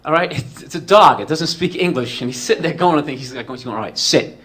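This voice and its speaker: A man's voice: fairly high pitch, fast, fairly bright tone. A man telling a comedic personal story in a rambling, profane way, full of "like" and "you know".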